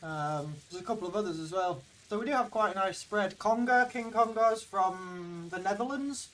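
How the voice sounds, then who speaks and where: Recorded from a distance, this Yorkshireman's voice sits high with a fairly bright tone and normal speed. Speaking in a mild Yorkshire accent while gaming on a live stream, he rambles chattily and responds to chat between plays.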